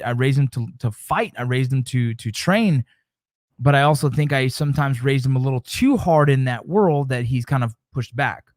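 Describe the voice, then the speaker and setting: A man's voice: on the high side, no echo, clean studio sound. A man in his forties hosting a casual livestream chat, talking emphatically, repeating himself and swearing casually. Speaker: show host.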